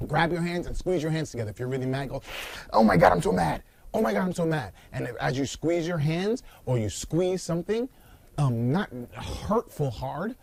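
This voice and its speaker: A man's voice: fairly high pitch, slight background noise. A middle-aged man coaching viewers through a breathing exercise while seated on the floor, acting out worried clients and counting the breaths aloud. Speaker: anxiety and body coach. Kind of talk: instructional video talk.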